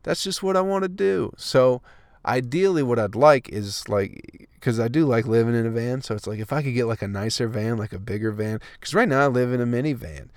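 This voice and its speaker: A man's voice: medium pitch, fairly quick, no room sound. Profane ranting young man, dry close sound. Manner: profane, ranting, laughs at own jokes. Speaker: comedian podcast host. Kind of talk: casual comedic monologue.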